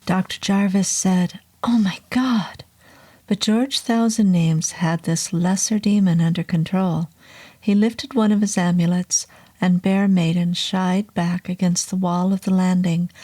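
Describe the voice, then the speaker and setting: A woman narrating a horror novel in a slow, low, hushed delivery, at times dropping to a whisper. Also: level tone.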